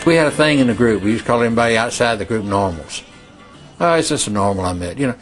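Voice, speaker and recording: A man's voice: medium pitch, expressive, fast talker, over music. A man in a documentary interview, reminiscing casually with a loose, amused manner.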